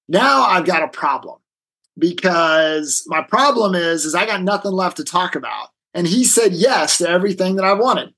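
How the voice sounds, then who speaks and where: Husky-voiced man telling a negotiation story. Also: sits high, moderate pace, rough recording. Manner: animated storyteller acting out quoted voices. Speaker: guest, negotiation expert. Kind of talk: storytelling in a conversation.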